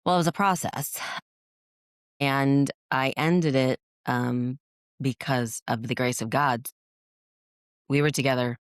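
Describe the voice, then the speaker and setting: A woman's voice: very deep voice, no room sound, studio quality. A woman guest on a podcast, telling her own story in an earnest, reflective way, with frequent restarts. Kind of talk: candid interview storytelling.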